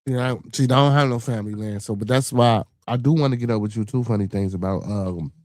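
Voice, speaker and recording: Low, dark-voiced Chicago man. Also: quick pace, no room sound, clean studio sound. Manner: blunt, profane, repeats words and restarts. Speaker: podcast host. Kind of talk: casual chat.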